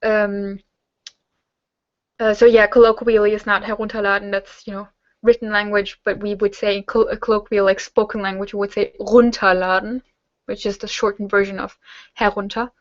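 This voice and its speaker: A woman's voice: mid-range voice, flat delivery, moderate pace, no echo, muffled recording. A young German woman answering viewer questions in a casual online hangout, rambling with lots of fillers as she reads questions aloud and answers them.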